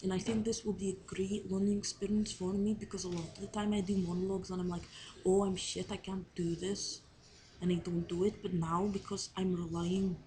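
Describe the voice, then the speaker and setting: A woman's voice: mid-range voice, flat delivery, fast talker, hardly any pauses, warm tone, rough recording. A young woman talking to camera in a casual video diary, rambling and unsure of herself, with many fillers. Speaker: drama student on placement.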